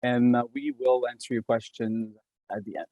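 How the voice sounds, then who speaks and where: A man's voice: medium pitch, fairly even intonation, moderate pace, warm tone, no room sound, lo-fi sound. A man with a Québécois French accent giving a webinar presentation as an engineer, talking hesitantly with many fillers and restarts. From Quebec.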